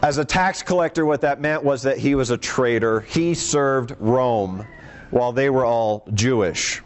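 A pastor preaches a sermon, reading scripture aloud and explaining it conversationally in an unhurried, medium-pitched male voice.

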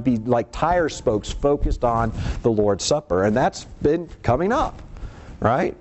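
A man's voice: a little high, lively intonation, moderate pace, slight background noise. A man preaching a sermon in a conversational way, often putting rhetorical questions to his congregation.

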